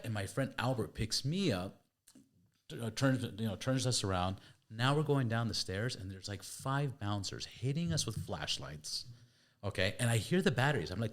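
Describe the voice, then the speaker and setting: A man's voice: mid-range voice, moderate pace. A man, the podcast host, casually telling a story and acting out voices and sounds. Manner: lively, acts out quoted voices and sounds.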